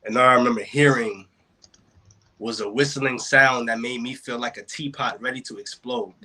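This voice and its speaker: A man's voice: medium pitch, fairly even intonation, moderate pace, pushed and bright. A man performing spoken word poetry at an online open mic over a video call. His delivery is rhythmic, builds in intensity, and leans on wordplay. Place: home, joining a virtual open mic.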